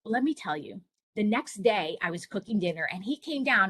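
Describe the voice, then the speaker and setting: A woman's voice: mid-range voice, expressive, normal speed, fairly bright tone, breathy edge, dry recording. A middle-aged woman presenting to parents over a video call, telling personal stories in an earnest, encouraging way. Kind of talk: online presentation for families.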